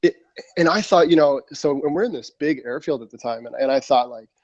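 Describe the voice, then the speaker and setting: A man's voice: medium pitch, a little fast, no room sound. A man in his thirties, a military veteran guest on a podcast, telling a long story in casual talk, acting out his own quotes with plenty of fillers. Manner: animated storyteller, acts out quotes, frequent fillers. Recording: slightly muffled dry studio mic.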